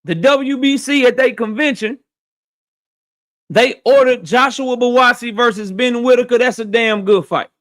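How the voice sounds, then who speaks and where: A young man with a strikingly high voice hosts a boxing talk show. He is blunt and profane, and he says his points twice for emphasis in casual, opinionated commentary. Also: a little slow, fairly bright tone.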